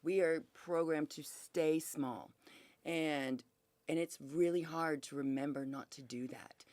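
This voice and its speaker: A man's voice: on the high side, takes it slowly, darkish tone, no room sound. A man speaking as a guest in a casual interview, earnest and reflective.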